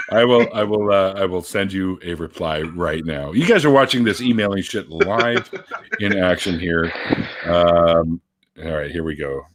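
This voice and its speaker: A man's voice: sits low, unhurried, noisy background. A man hosting a casual live-stream chat with friends, laughing often and swearing casually. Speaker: host.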